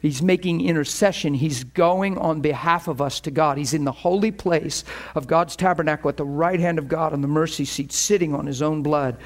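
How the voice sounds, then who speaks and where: Guy preaching, kinda high voice, earnest, stumbles and repeats words as he builds his point. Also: moderate pace. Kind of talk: teaching sermon with personal testimony.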